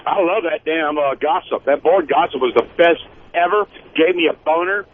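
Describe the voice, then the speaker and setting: A man calling into a radio show, excited and rough-edged, with a fairly high voice. He comes through a tinny phone line with faint hiss behind him. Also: normal speed. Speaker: caller. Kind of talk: radio call-in.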